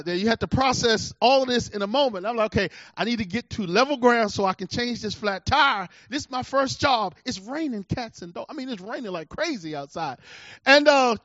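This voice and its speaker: A middle-aged male preacher with a high voice tells a personal story in his sermon. He is emphatic and swings from loud bursts to quiet asides. The sound is dry, dull and lo-fi. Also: expressive, normal speed, no echo. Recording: dull lo-fi recording.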